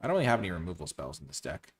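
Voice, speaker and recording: A man's voice: low-pitched, very animated, very fast. A man giving casual commentary as he drafts cards, thinking aloud and weighing his choices. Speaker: card game streamer.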